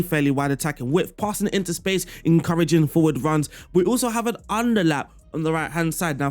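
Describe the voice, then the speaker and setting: A man's voice: fairly high pitch, darkish tone. A man giving an upbeat, playful walkthrough of a video game tactic, chuckling now and then as he explains. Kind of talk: casual gameplay walkthrough commentary. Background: faint background music.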